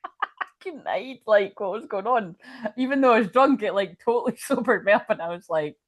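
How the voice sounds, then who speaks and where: A woman's voice: mid-range voice, lively intonation, normal speed, no echo. A woman reading tarot in casual talk, rambling, swearing and laughing as she tells a story. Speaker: tarot reader.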